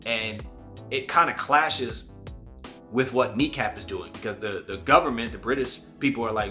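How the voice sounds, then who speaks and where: A man talks through a film review in a loose, chatty way, circling back and restarting his sentences as he goes. His voice sits at an ordinary middle pitch. Faint music plays behind him. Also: normal speed, pushed and bright. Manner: rambling, conversational, many restarts. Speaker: host. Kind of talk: casual movie review.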